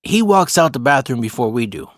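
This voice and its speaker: A man's voice: mid-range voice, sing-song, brisk, no room sound, clean studio sound. A young adult man casually telling a funny story, swearing a lot and often laughing. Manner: profane, laid-back, laughs often.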